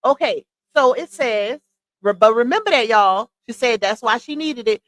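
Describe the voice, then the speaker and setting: Sassy high-voiced woman streamer. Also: moderate pace, rough recording. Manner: sassy, incredulous, addresses viewers as y'all and baby. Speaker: live stream commentary host. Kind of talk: casual livestream commentary.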